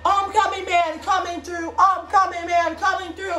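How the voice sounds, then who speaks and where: A woman improvising a toy play, voicing several characters and switching voices, with bursts of shouting. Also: very high voice, little pitch movement, moderate pace, few pauses. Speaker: home video creator. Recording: echoey room with faint background noise.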